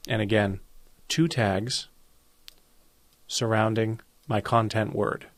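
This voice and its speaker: A man teaching a web design lesson in a calm, methodical way, walking through each step of a screen-recorded coding tutorial. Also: lowish voice, slow pace, no room sound.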